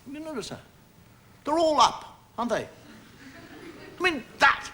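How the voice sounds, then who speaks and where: A man's voice: very high voice, very animated, normal speed, background noise. A man performing a stand-up comedy monologue on stage before an audience, talking conversationally and acting out gestures and sounds.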